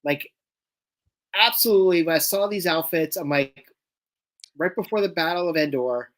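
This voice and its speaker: Chatty fan co-host, mid-pitched voice. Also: normal speed, fairly bright tone. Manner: chatty, enthusiastic fan banter. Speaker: podcast co-host. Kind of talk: casual watch-along chat.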